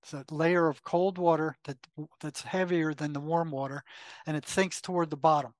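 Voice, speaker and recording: A man's voice: a little high, normal speed, dry recording. Older storytelling man, close and dry. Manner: animated retelling with quoted inner dialogue, frequent fillers. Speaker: guest, retired psychotherapist. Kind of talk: conversational storytelling.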